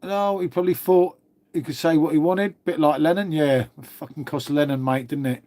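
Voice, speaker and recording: A livestream host from Old Windsor, Berkshire, with a London-area English accent, chats casually while reading comments, swearing freely and calling everyone mate. He sounds congested with a cold. His voice is fairly high, warm, and steady, at a moderate pace.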